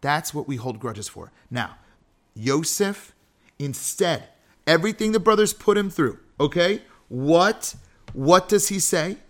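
This man's voice runs on the high side with lively intonation and a slightly slow pace. He hosts a podcast, teaching character ethics in a relaxed way, full of rhetorical questions and jokes at his own expense.

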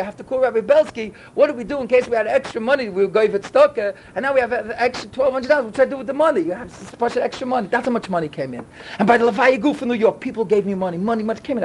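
A man rushes through a Torah talk at a very fast clip. He preaches with fervor and stresses his points, swinging between loud and hushed. Faint noise sits under his voice. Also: very high-pitched, poor audio. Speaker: yeshiva speaker.

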